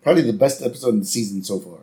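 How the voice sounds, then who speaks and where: A man's voice: medium pitch, racing, dark tone. A man co-hosting a podcast, casually chatting about a cartoon episode. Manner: easygoing, quotes characters in raised voices. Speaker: podcast co-host.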